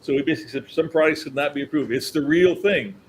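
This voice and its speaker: Guesting as a company historian, an older man spins animated stories, chuckling and performing the voices of the people he quotes. He talks fast, his voice on the high side. The audio is poor, with slight background noise.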